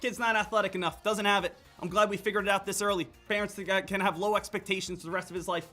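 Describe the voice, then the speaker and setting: High-voiced, chatty American trader. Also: male voice, quick pace, soft background music. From Pennsylvania, USA. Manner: animated storytelling, repeats "again" and "right?". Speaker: stock trading streamer. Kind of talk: casual trading livestream talk.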